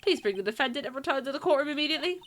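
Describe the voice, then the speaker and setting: A woman's voice: high-pitched, animated, rapid-fire, a bit bright, pitched above the performer's own voice. A woman voicing a stern, impatient old male judge in a game read-through. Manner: curt, impatient.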